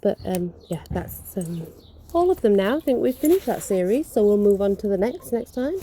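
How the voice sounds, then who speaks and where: A woman's voice: medium pitch, sing-song, normal speed, dark tone, slight background noise. A woman reading ghost stories from notes outdoors, stumbling now and then and correcting herself, with casual asides.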